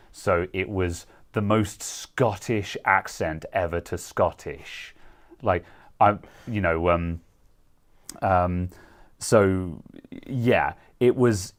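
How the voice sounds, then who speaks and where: A man co-hosting a casual tech chat show, rambling with many fillers and frequent laughs. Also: low voice. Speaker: co-host.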